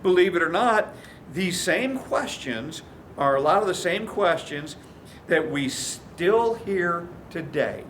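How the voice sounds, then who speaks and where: A man's voice: high-pitched, animated, slow pace, a bit bright, slight background noise. A man preaching a sermon as a pastor, telling stories and acting out the quoted voices. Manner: storytelling, acts out quoted voices.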